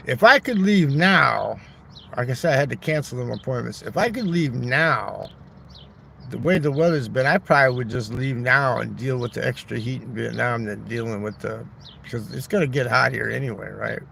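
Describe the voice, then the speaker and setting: Brisk and fairly bright, with vocal fry in his mid-range voice, this man hosts a rambling livestream from a neighborhood park through his phone. He jokes crudely and talks back to chat, with a little hiss or hum in the recording.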